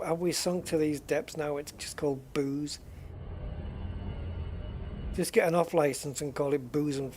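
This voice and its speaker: A man's voice: on the high side, darkish tone, a little hiss or hum. A man hosting a gaming channel, rambling through casual, joking commentary as he plays.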